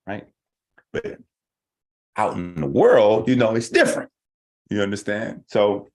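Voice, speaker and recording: A man with a low voice that swings widely in pitch, arguing in a casual monologue. He is profane and rhetorical, repeating his points and firing questions back at his audience. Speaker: host of an online talk stream.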